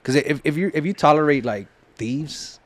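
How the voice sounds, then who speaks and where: A man's voice: on the high side, normal speed, slight background noise. A man in casual podcast chat who talks reflectively and fills his sentences with "like".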